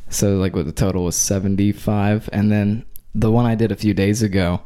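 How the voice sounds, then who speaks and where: A man's voice: on the low side, little pitch movement, moderate pace, mellow, smooth. A young man co-hosting a casual podcast chat, goofy and laughing often as he runs through his bits. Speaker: podcast co-host.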